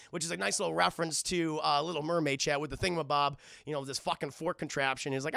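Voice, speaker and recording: Gravelly, bright-voiced profane streamer. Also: male voice, a little high, fast talker, few pauses, no echo, clean studio sound. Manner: profane, rambling, animated. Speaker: streamer film reviewer. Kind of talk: casual film recap to live chat.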